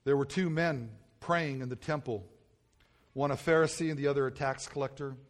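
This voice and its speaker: A male pastor preaching earnestly and telling a personal story, often dropping to a soft, hushed voice and repeating himself when moved. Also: medium pitch, fairly even intonation, moderate pace. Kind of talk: sermon.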